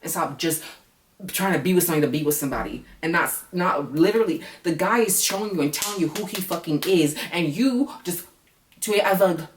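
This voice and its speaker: Woman, low voice, blunt, profane, ranting vlog review, echoey room, sits back from the mic. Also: a little fast, distant mic, a little hiss or hum. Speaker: reality TV reviewer.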